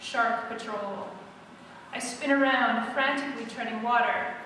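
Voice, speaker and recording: A woman's voice: on the high side, unhurried, pushed and bright, a little hiss or hum. A woman author at a live event, chatting to introduce her novel, then reading a first-person scene aloud. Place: opera centre hall, live event. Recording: echoey hall from far off.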